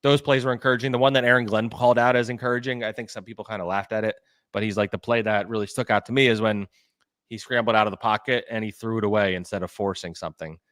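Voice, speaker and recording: A man's voice: on the low side, steady tone, fast talker, fairly bright tone, no echo, studio quality. A man co-hosting a sports podcast, a reporter talking casually and rambling with lots of "like" and restarts. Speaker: beat reporter and podcast co-host.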